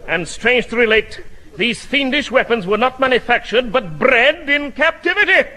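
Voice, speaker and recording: A man playing an excitable, pompous male official in a 1950s radio comedy, talking in bombastic exclamations. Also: normal speed, over loud music. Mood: blustering. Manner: bombastic, exclamatory, high-pitched bluster. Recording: hissy 1950s radio broadcast recording.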